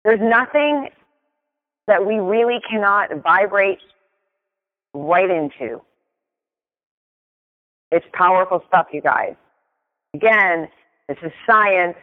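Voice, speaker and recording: A man's voice: high voice, slow, pauses often. A man giving a motivational talk, telling a story with emphatic delivery and often asking "right?". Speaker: motivational speaker. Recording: tinny phone-like sound with long reverb.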